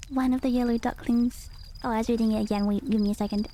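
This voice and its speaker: A woman's voice: on the high side, steady tone, fast, dark tone, slight background noise. A woman reading children's stories aloud on a stream, playful, with chatty asides. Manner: playful, chatty asides and laughs between lines. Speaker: storyteller.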